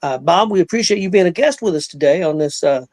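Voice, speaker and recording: Brief: male host, casual wrestling talk show, unhurried halting delivery, slightly raised pitch. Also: lively intonation, darkish tone, no echo. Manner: plain-spoken, halting with frequent pauses.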